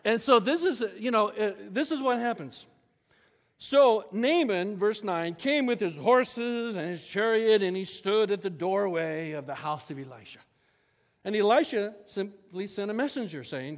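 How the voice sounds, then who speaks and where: A male pastor preaching a sermon, telling the story with animated asides and acted-out quotes. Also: high voice, moderate pace. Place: church sanctuary. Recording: church hall reverb.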